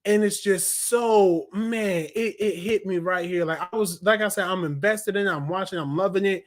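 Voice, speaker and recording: A man reviewing a movie in casual, slangy talk, acting out quotes in an animated way. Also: high-pitched, normal speed.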